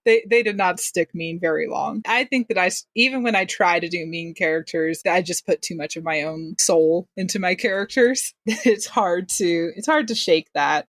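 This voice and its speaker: A woman's voice: fairly low pitch, moderate pace, few pauses, no echo, studio quality. Laughing, self-deprecating woman guest. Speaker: podcast guest and game master. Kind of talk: casual interview chat.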